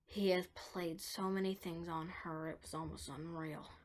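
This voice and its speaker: A woman narrating a dark story, moving between hushed whispers and emphatic lines. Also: on the low side, steady tone, normal speed.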